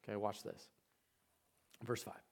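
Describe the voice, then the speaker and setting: A male pastor preaching, telling personal stories, dropping to quiet asides and rising to shouted emphasis. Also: measured pace. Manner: storytelling, swings from hushed asides to shouted emphasis. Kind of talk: sermon.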